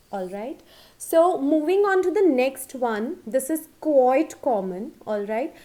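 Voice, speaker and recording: A high-pitched woman teaches pronunciation in an unhurried, casual video lesson. She speaks slowly, fills pauses with "uh" and checks in with "okay?" and "all right?" as she goes. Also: expressive, warm tone. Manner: slow, with many fillers and checks like "okay?".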